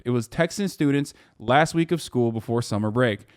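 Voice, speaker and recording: A man's voice: medium pitch, moderate pace, hardly any pauses, no echo, studio quality. A man in his thirties streaming political commentary, swearing often and turning heated as he reads news aloud. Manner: profane, heated, voice rising sharply when angry.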